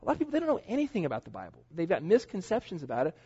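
A man's voice: sits high, huge pitch swings, racing, dark tone, slightly rough. A middle-aged man preaching a sermon in a church as pastor, earnest and conversational, with casual asides. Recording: dull lo-fi church recording.

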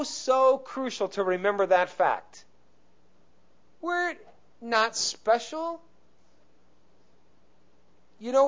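A man preaching a sermon as pastor in a conversational way, swelling into emphasis on key points. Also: a little high. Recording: muffled lo-fi recording.

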